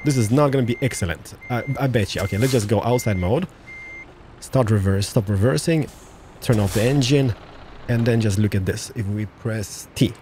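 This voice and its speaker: A man's voice: fairly low pitch, moderate pace, mellow, slight background noise. A man giving casual, joking, exclamatory commentary while playing a truck driving game. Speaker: let's-play gamer.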